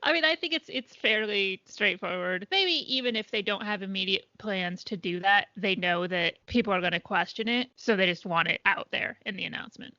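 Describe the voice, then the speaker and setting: A woman's voice: mid-range voice, brisk, few pauses, pushed and bright, dry recording, lo-fi sound. A woman co-hosting a casual pop culture podcast, dry, matter-of-fact and level-headed. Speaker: podcast co-host.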